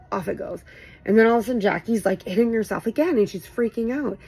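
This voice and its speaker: A woman in her thirties vlogging, telling a rambling, animated story full of fillers. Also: on the high side, fast, vocal fry, husky, poor audio. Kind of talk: casual storytelling chat. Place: home, late night.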